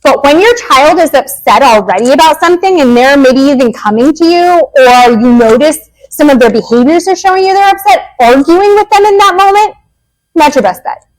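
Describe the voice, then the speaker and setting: A woman behavior analyst, herself a parent, giving a lively, joking workshop talk to parents. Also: sits high, rough recording. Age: adult parent. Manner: lively, joking, acts out quick quotes.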